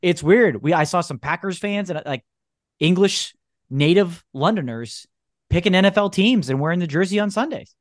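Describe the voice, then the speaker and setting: A man's voice: high-pitched, expressive, moderate pace, no room sound, clean studio sound. A man co-hosting a casual podcast, telling stories in an easygoing way and laughing often. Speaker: podcast co-host.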